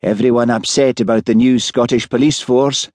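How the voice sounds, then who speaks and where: A man voicing an easygoing, shrewd Highland village policeman who talks calmly and wryly. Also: moderate pace, no room sound, clean studio sound, lightly acted.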